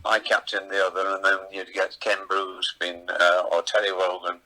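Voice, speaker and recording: An older man from England, a veteran comedian, telling rambling anecdotes in a relaxed chatty way. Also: low voice, moderate pace, poor audio. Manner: chatty, rambling anecdotes with playful voices in quotes.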